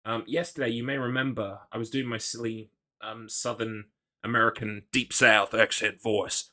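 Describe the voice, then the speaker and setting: A man's voice: fairly low pitch, level tone, moderate pace, bright, forceful tone. A man from the UK streaming a game, chatting casually and rambling, poking fun at himself and reading chat aloud. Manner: rambling, self-deprecating, reads chat aloud.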